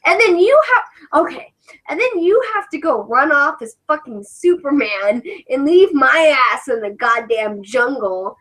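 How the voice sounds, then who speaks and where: Profane, animated woman with English accent. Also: high-pitched, a little slow, rough recording. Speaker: cosplayer and livestream host. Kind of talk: casual livestream chat.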